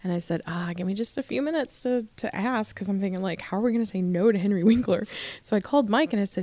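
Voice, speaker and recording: A woman chats casually as a podcast guest, telling stories with plenty of animation and laughter. Her voice sits at a middle pitch and sounds dry and close to the mic. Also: quick pace, no echo. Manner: animated storyteller, laughs often. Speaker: convention staff guest.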